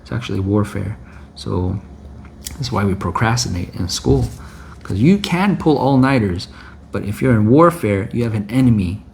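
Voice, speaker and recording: A man's voice: fairly low pitch, animated, moderate pace, creaky, darkish tone, a little hiss or hum. A male preacher delivering an exhorting sermon, repeating phrases and often checking with a "right?".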